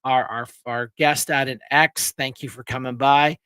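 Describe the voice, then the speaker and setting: A man's voice: mid-range voice, fairly even intonation, moderate pace, bright, forceful tone, smooth, dry recording. A man hosting a casual live-stream chat, rambling and laughing with many restarts, his throat a little sore. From Pennsylvania. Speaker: show host.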